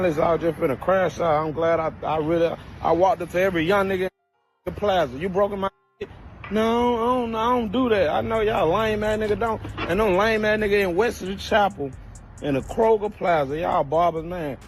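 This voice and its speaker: A man's voice: high voice, fairly quick, faint music behind. A man angrily telling a profane story to camera. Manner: angry, profane, heated.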